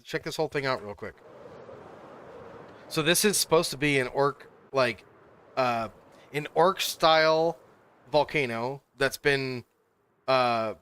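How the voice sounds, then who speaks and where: A man hosting a game stream, chatty and quick to laugh, giving a tour of his build. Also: medium pitch, pushed and bright, a little hiss or hum. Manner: chatty, laughs often, gives tours. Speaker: streamer host. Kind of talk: casual gaming chat.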